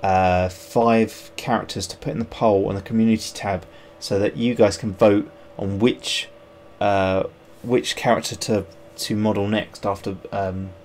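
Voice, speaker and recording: A man's voice: lowish voice, steady tone, a little slow, hardly any pauses, a little mellow, a little hiss or hum. A man on a livestream, rambling and thinking aloud as he sculpts, joking at himself and greeting viewers. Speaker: sculptor streaming his work. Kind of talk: casual livestream chat while working.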